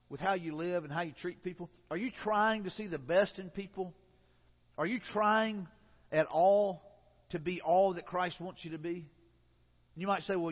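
A pastor with a drawl preaches in a relaxed, conversational way, circling back and repeating phrases as he goes. His voice sits high for a man. The sound is muffled and carries a long reverb from a large church hall. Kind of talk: sermon.

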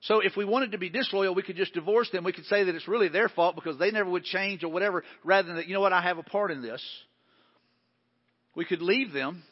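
A male pastor delivers a sermon in a high, husky, conversational voice at a quick pace, hammering repeated phrases and dropping into quoted asides. The audio is dull and muffled, with long reverb trailing through a large hall.

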